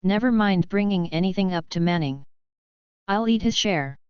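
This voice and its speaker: A woman's voice: fairly low pitch, animated, normal speed, clean tone, dry recording, lo-fi sound, close to an everyday voice. A woman voicing a big, jovial male engine-room cadet who likes to tease.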